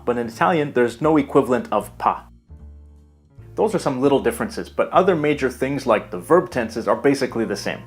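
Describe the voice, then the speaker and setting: A man giving a scripted language lesson in a measured, explanatory way. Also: medium pitch. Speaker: language teacher. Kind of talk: scripted educational narration.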